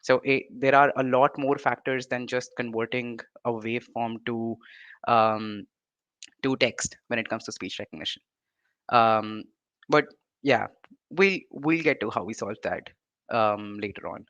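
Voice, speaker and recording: A man's voice: medium pitch, steady tone, a bit bright, no room sound. A young man with an Indian accent, giving an online lecture, full of fillers and restarts and often checking in with "right?". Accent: Indian English. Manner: halting, many fillers and restarts, ending points with "right?". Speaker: presenter.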